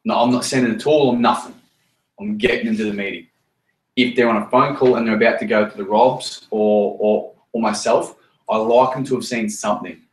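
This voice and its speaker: A man's voice: on the low side, steady tone, brisk. Blunt, swearing man, roomy and distant. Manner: swears freely, repeats himself, straight-talking. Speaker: team leader running a meeting. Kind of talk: blunt motivational talk.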